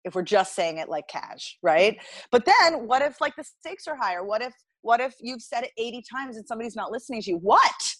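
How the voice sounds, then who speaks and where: A woman's voice: a little high, expressive, brisk, hardly any pauses, dry recording, rough recording. An American woman being interviewed as a dialect coach, explaining in a chatty way with many fillers and restarts. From United States. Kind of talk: conversational podcast interview.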